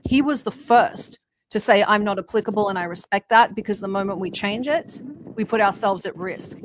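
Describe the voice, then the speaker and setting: Woman co-host, keen and warm-hearted in her chat, faint hiss in the background. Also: medium pitch, moderate pace, rough recording. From Commonwealth country. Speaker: podcast co-host. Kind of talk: casual podcast chat.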